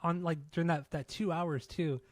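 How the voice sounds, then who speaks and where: A man's voice: on the high side, steady tone, normal speed, dry recording. A man co-hosting a podcast, telling stories in loose, profane casual chat and laughing often. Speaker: podcast co-host.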